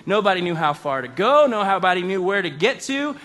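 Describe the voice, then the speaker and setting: A man telling a comedic personal story, animated and self-mocking, with exaggerated outbursts. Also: high voice, fairly quick.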